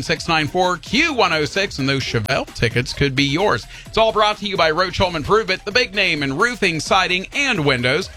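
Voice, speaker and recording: Radio dude rambling n tripping over his words, bright slightly high voice, soft music underneath. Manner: rambling, self-deprecating, stumbles over words. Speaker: radio host. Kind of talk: casual morning radio banter.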